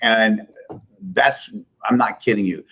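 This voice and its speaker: Husky-voiced emphatic businessman telling stories. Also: on the low side, takes it slowly, a bit bright, low-quality recording. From Midwest United States. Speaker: business owner guest. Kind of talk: casual interview storytelling.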